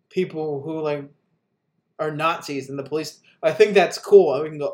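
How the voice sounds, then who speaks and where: A man's voice: a little high, brisk, darkish tone. A man co-hosting a casual political podcast, ranting with profane sarcasm and acting out the people he mocks. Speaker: podcast co-host.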